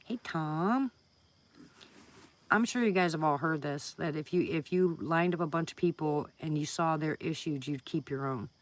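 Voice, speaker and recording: A woman's voice: low-pitched, moderate pace. A woman hosting a casual live stream from home, chatting with viewers, greeting them by name and laughing often.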